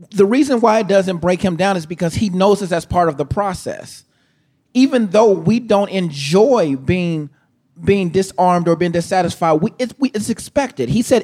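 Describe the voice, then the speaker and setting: A man's voice: high voice, a little mellow. A man co-hosting a live talk show, breaking down a guest's words in an emphatic, preacherly way that often repeats itself. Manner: emphatic, repeats himself, checks in with listeners. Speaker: podcast co-host. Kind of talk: hype-filled preacherly commentary.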